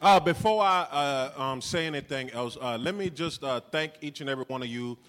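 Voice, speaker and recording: Bright-voiced male judge, echoey club. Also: medium pitch, expressive. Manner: halting, many "uh"s, then joking. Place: comedy club. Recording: echoey live club room.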